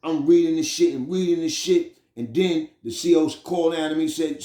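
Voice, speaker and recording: A middle-aged man with a New York accent casually telling a story about his prison time, streetwise and animated, with frequent "you know what I'm saying.". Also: on the high side, fairly quick, hardly any pauses, echoey room. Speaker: storyteller recounting prison experiences.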